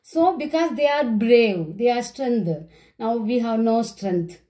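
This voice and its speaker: A woman teacher with an Indian English accent, giving an online class lesson. She explains slowly, repeating letters and words, with many fillers. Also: fairly high pitch, dark tone, rough recording. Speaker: school teacher.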